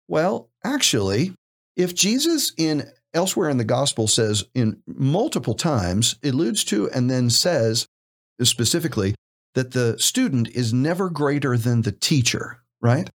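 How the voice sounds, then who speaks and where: A man's voice: medium pitch, very animated, measured pace. A man co-hosting a podcast, teaching from scripture in an emphatic, conversational way and asking rhetorical questions. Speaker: podcast co-host and preacher.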